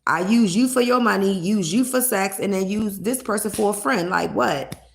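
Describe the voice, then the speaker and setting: A woman's voice: medium pitch, moderate pace, slight background noise. A young woman chatting bluntly and profanely with viewers on a livestream, laughing between points. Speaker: live streamer. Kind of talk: casual livestream chat with viewers.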